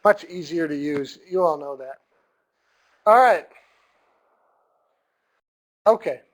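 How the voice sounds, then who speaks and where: A man lectures in a loose, conversational way, with a voice pitched fairly high. He circles back and repeats points and clears his throat often. He is recording alone with no audience in the room. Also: animated, takes it slowly, low-quality recording.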